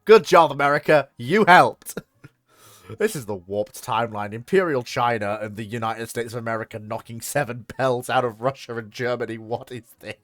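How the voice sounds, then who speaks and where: A medium-pitched male voice moves fairly quickly with few pauses, captured in a dry recording. The speaker streams a naval strategy game and keeps up relaxed commentary, frequently laughing, cursing, and acting out mock dialogue.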